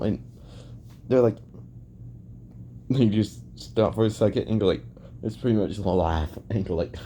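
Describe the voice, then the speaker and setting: A man improvising a fan-fiction story out loud, rambling and restarting often with lots of filler phrases. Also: lowish voice, measured pace, pauses often, a little hiss or hum.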